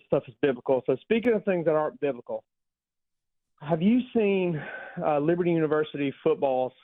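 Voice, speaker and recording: A man's voice: a little high, dry recording. A man calling in to a radio show, asking his question in an earnest, slightly rambling way. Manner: earnest, a bit rambling, pauses often. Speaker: caller. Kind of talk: phone-in question. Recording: tinny phone line.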